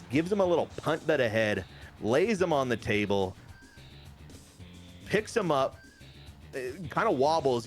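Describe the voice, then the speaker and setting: A young man talks through a wrestling management game. He is excitable and quick with jokes. His speech is casual and a little profane. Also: mid-range voice. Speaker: game commentator.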